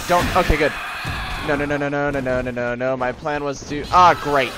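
A man giving live gameplay commentary as a let's-play host, excitable and joking to himself, yelling at enemies. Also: a little high, brisk, over music.

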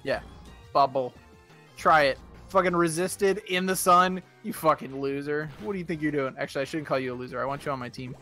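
A man's voice: fairly high pitch, bright, forceful tone, faint music behind. A man playing a video game with a friend, joking and swearing in casual banter. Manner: joking, swearing, quick asides.

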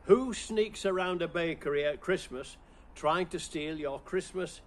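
A man with a fairly high voice who talks slowly and plays at puzzling over each riddle before landing the punchline. He has a teasing, playful way with the jokes. Faint background noise sits under his voice. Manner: playful, answers his own riddles with mock puzzling and chuckles. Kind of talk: playful Christmas riddle routine.

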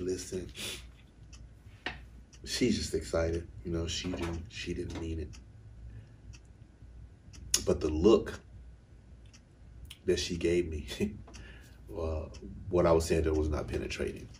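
A middle-aged man with a deep, low-pitched voice tells a personal story in an open, emotional way. He chuckles now and then and restarts his sentences as he speaks. A faint hiss sits under his voice. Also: a little mellow. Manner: candid, emotional, with chuckles and self-corrections. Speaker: vocal coach.

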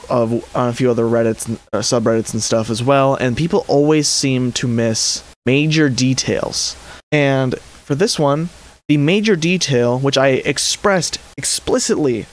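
A man hosting a hobby channel, giving an exasperated, rambling commentary and often correcting himself mid-sentence. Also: medium pitch. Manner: frustrated, exasperated. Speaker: 3D printing channel host. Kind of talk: commentary rant to camera.

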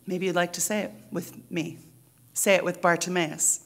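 A woman pastor preaching a sermon in a church, deliberate and emphatic, with rhythmic repetition. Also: on the low side, fairly even intonation, vocal fry.

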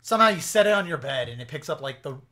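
A young man co-hosting a casual podcast, excitable and swearing freely, trailing off into fillers. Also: on the high side, very fast. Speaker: podcast co-host. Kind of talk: casual chat.

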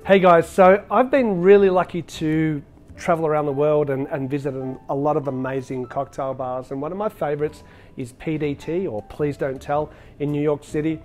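A man's voice: fairly high pitch, fairly even intonation, normal speed, darkish tone. A man hosting a cocktail demonstration as a bartender, talking in a chatty, upbeat way with frequent filler words. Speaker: bartender and show host.

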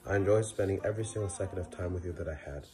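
A man's voice: sits low, very fast, a little mellow. A young man giving a sincere farewell to a friend, recalling shared times. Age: young adult. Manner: sincere, listing memories. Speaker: college friend. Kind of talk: farewell message.

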